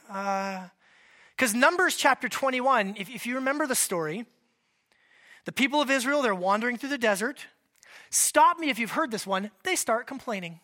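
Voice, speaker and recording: Bright-voiced pastor preaching conversationally. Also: male voice, very high voice, animated, moderate pace. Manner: conversational, checks in with the congregation. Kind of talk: sermon. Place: church in Washington state.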